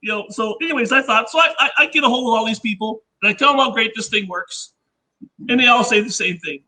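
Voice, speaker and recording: A man with a squeaky voice, a guest inventor telling rambling anecdotes in casual chat and acting out what others said. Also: a little fast, sharp tone, poor audio. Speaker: podcast guest, inventor and engineer.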